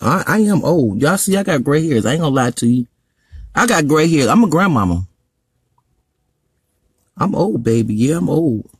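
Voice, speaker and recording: A man's voice: on the high side, sing-song, normal speed, long pauses, slightly rough, no echo, clean studio sound, exaggerated voice. A man playing a sassy, foul-mouthed gray-haired grandmother, scolding viewers in a live-stream comedy bit on a phone. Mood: boastful. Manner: brash, profane, scolding the viewers.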